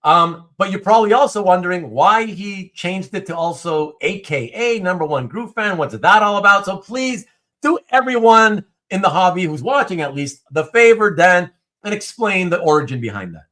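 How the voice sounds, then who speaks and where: A man hosting a casual livestream chat, reading viewer comments aloud, with animated speech and stumbling restarts. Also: high-pitched, moderate pace. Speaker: host.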